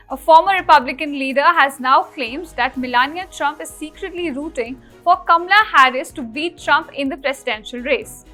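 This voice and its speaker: High bright-voiced woman news anchor. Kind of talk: scripted news reading.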